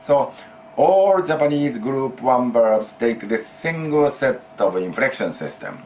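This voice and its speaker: A man's voice: medium pitch, animated, slow, a little mellow, a little hiss or hum. A man teaching a Japanese grammar lesson in English, explaining patiently, repeating key phrases and prompting his student to answer.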